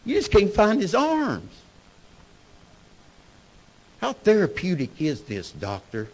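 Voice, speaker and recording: A man with a drawl speaks his testimony with wild swings in pitch, dropping nearly to a whisper and then climbing into hollering. The recording sounds muffled and lo-fi. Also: wildly swooping pitch, slow pace, breathy edge. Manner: Southern-style storytelling, emotional swings from hushed to shouting. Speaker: speaker sharing recovery story. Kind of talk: personal testimony talk.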